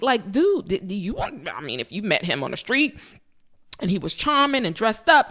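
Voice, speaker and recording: A woman's voice: medium pitch, sing-song, brisk, fairly bright tone. A woman hosting a reaction commentary, speaking emphatically and straight to her viewers. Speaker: commentary host.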